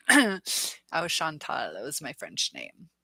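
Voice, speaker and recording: A middle-aged woman with a bright, forceful voice that sits fairly low, hosting a casual live stream. She chats freely, reads viewers' comments aloud and laughs often. The sound is dry and close, with little room around it. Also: wildly swooping pitch, takes it slowly, slightly rough, no room sound. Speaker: live chat host.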